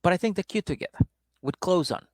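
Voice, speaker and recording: A man's voice: high voice, animated, fast talker, dry recording, clean studio sound. A man co-hosting a comedy podcast, casually recapping a reality show and acting out the people in it with profanity. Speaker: podcast co-host.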